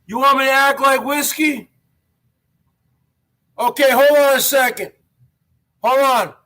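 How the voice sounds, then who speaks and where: Boastful male host, high and bright voice, slow brash delivery. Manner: brash, boastful, taunting viewers. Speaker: show host. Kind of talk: livestream talk.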